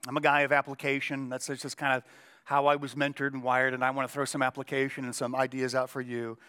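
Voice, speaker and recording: A middle-aged male pastor preaching a sermon with a strained, cracking voice, emphatic and slowing down to stress key lines. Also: medium pitch, completely flat delivery, sharp tone, clean tone. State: voice cracking, throat clearing.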